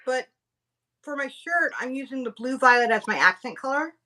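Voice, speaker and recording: A woman teaching tie-dye on a livestream, explaining each step in a steady way with small fillers. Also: high voice, normal speed. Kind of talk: livestream craft demo chat.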